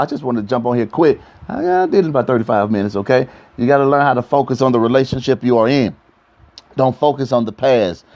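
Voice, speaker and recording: Pastor dude on a phone livestream, joking around, repeats himself a lot, talks right at the viewers. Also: male voice, medium pitch, a little mellow. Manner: playful and repetitive, addressing viewers directly. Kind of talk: casual live-stream preaching on relationships. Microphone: phone live stream.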